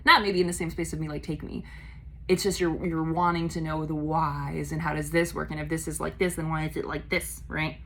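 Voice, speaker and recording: A woman doing a casual tarot reading, chatty and blunt, swearing casually and acting out quick voices in her asides. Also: deep voice, level tone, a bit bright, slight background noise, rough recording. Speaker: tarot reader.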